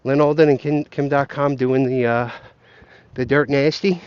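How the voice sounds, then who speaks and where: A man's voice: mid-range voice, fairly even intonation, normal speed, darkish tone, smooth, dry recording, lo-fi sound. A man ranting and joking while walking outdoors, profane and rambling, talking straight to his viewers. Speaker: vlogger. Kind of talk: rambling comic rant. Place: outdoors, walking along a path.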